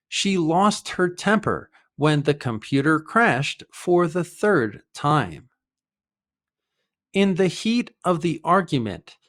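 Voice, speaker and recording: This is a man teaching English idioms in a scripted lesson. His voice sits a little high and moves through a wide, expressive melody. He speaks slowly and deliberately, walking through examples one by one. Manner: slow, careful explanations with example sentences.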